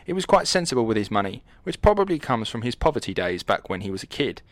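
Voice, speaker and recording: A man's voice: medium pitch, very animated, quick pace, no echo, soft background music. A young man co-hosting a podcast in casual, jokey chat, rambling and acting out quoted lines. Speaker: podcast co-host.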